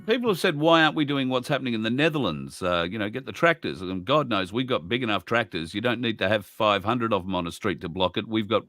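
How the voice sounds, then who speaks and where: A man's voice: on the low side, lively intonation, fast talker, hardly any pauses, fairly bright tone, no echo, studio quality. An Australian man chatting on an online talk show, explaining at length with rambling asides. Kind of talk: casual chat.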